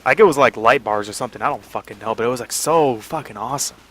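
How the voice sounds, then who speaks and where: A man's voice: medium pitch, quick pace, fairly bright tone. A young man casually telling a rambling story over gameplay, full of fillers and swearing. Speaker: gaming channel host.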